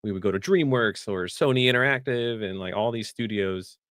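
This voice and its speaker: Enthusiastic low-voiced man. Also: a little fast, fairly bright tone, dry recording. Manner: enthusiastic, rambling storyteller. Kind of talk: casual panel chat.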